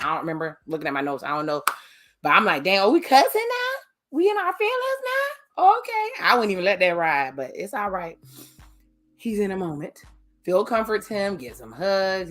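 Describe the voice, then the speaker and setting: A woman's voice: sits low, fairly bright tone. A woman recapping a TV episode with candid, chatty asides, speaking on camera. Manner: candid, chatty, blunt commentary. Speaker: TV episode reviewer. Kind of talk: casual recap with personal asides. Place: indoors, on camera.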